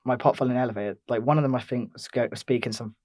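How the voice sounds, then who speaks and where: A man's voice: medium pitch, rapid-fire, darkish tone, no room sound. A young man from England telling a rambling holiday story in casual chat, with lots of fillers and restarts. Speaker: podcast co-host.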